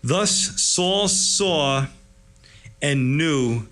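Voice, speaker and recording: A man's voice: on the high side, lively intonation, extremely slow, fairly bright tone. A man preaching a sermon in an enthusiastic, conversational, storytelling way. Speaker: pastor.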